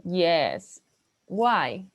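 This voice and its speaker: A woman's voice: on the low side, very animated, very slow. Bilingual woman teaching an English class. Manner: explains in English, then repeats in Spanish.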